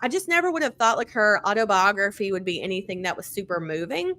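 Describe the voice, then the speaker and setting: A woman hosts a podcast and talks books in a loose, gushing way. She fills her sentences with "like" and "um" and swears without a second thought. Her voice is bright and forward. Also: medium pitch, fast. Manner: chatty, many fillers, casual swearing; animated, excited storytelling. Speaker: podcast host. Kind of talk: casual book-review chat.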